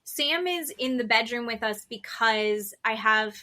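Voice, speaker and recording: A woman in her thirties co-hosting a podcast, telling a home story in animated casual chat and laughing as she goes. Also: fairly high pitch, unhurried. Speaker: podcast co-host.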